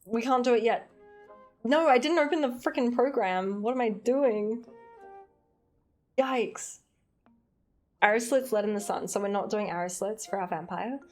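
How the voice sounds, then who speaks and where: A woman's voice: on the high side, normal speed, long pauses, a little mellow. A chatty, playful Australian woman talking casually into a desk mic during a livestream. She reads chat aloud, laughs often and swears lightly, with faint music playing behind her.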